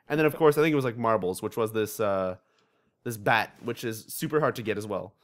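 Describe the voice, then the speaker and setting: A young man rattles off gaming stories at a quick clip on a casual podcast. His voice sits at a middling pitch and jumps around as he acts out the scenes. He swears freely and keeps breaking into laughter. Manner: fast, animated storytelling with frequent swearing and laughter. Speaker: podcast host.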